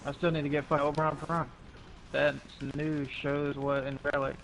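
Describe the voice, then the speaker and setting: A man's voice: on the high side, little pitch movement, moderate pace, noisy background. A man chatting bluntly with friends while playing a game, swearing freely. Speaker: gamer on a stream. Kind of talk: casual chat while gaming.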